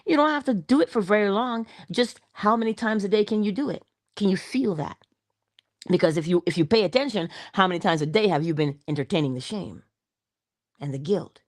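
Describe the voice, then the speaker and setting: A woman's voice: medium pitch, expressive, brisk. A woman speaks in a mid-range voice, giving a morning inspirational talk. Her delivery is conversational and playful as she coaches the listener directly. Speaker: motivational speaker.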